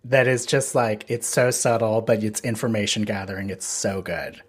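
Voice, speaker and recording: A man guest on a podcast, reacting to a story with wry, expressive commentary. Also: lowish voice, moderate pace, slightly rough. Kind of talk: casual chat.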